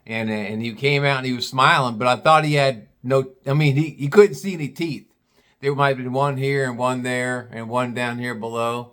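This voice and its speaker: A man's voice: medium pitch, steady tone, normal speed, a bit bright. A man telling a casual personal story, rambling with many restarts and blunt swearing.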